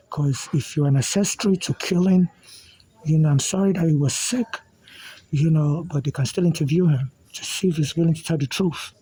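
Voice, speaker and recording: A man from Nigeria speaks straight into his phone, pressing his case with urgency and circling back to the same points again and again. His voice sits a little high, with a dark, husky grain. He calls out an official directly throughout. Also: poor audio. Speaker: vlogger. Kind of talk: direct-to-camera appeal.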